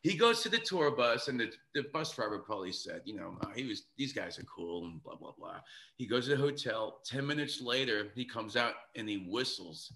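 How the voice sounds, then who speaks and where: A man telling a rambling, excited, profane story as a guest on a podcast. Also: mid-range voice, fairly quick. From New York City. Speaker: guest musician.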